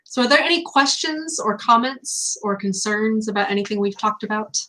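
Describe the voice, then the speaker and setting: A woman speaks earnestly in a casual discussion, explaining at length with frequent fillers. Her voice sits at a middle pitch. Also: moderate pace, sharp tone, slight background noise, poor audio. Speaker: teaching pastor.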